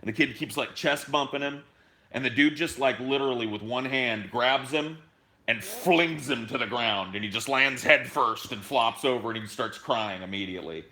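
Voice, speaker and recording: A young man on a podcast, telling a story in casual, animated chat, swearing freely and acting out what people said. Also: medium pitch, moderate pace. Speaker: podcast co-host.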